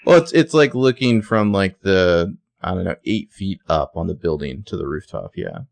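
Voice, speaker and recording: A man's voice: low-pitched, animated, normal speed, creaky, no echo. A man co-hosting a podcast, chatting casually and enthusiastically about a TV episode's look and details, with lots of "like". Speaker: podcast co-host. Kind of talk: casual recap chat.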